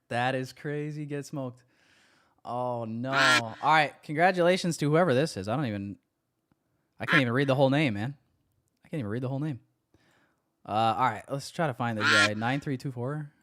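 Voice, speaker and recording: A man hosting a casual livestream, bantering excitedly with his chat and running giveaways. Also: mid-range voice.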